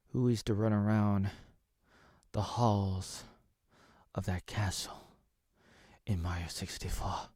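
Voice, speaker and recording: A man in his thirties talks to his camera in a slow, meandering comic monologue full of absurd tangents. His voice has a gravelly rasp. The sound is dry and close. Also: lowish voice, no room sound. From Oregon, USA. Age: 30s. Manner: playful, absurd, drifts into whispers and silly voices. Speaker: video creator.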